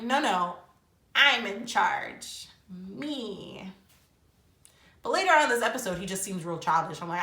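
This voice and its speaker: Young woman, casual reviewer, bright tone, Black lilt, echoey room sound. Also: mid-range voice. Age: young adult. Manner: chatty, animated, quotes people in mock voices. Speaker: reality show reviewer. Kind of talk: casual commentary.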